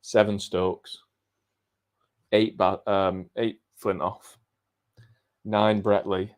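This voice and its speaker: A man's voice: on the low side, little pitch movement, very slow, clear, resonant tone, dry recording, clean studio sound. A man co-hosting a live cricket watchalong, chatting casually and thinking aloud with frequent ums. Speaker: cricket podcast co-host.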